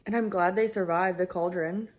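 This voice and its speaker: A woman reacting out loud as she reads a fantasy novel, gushing and sometimes dropping to a whisper. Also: fairly low pitch, fairly even intonation, moderate pace. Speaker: book vlogger. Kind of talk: reading vlog reactions.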